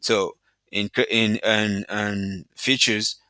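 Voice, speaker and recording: Guy explaining crypto trading, lowish voice, dry close mic, keeps asking right?. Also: little pitch movement, slow pace, pushed and bright, clean tone, no room sound. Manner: explains with repeated "right?" checks and everyday examples. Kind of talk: casual tutorial talk over slides.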